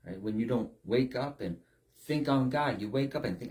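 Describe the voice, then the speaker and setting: A man's voice: mid-range voice, moderate pace, darkish tone. A man preaching a sermon, stressing his points with repeated rhetorical questions. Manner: emphatic, repetitive rhetorical questions.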